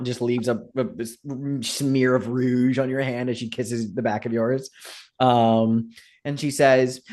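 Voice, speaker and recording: Man, game master, casual narration, tabletop game, middle pitch. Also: flat delivery, slow, darkish tone. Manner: casual, laughing, filler-heavy.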